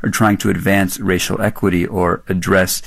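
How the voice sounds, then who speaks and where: Lowish male correspondent explaining calmly. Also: normal speed, gravelly, no echo. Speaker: radio correspondent. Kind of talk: news report in conversation.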